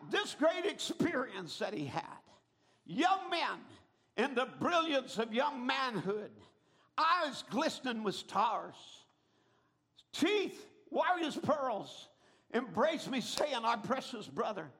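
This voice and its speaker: Very high-voiced preacher man. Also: sing-song, takes it slowly. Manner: dramatic storytelling with sudden shouted peaks. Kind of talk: sermon.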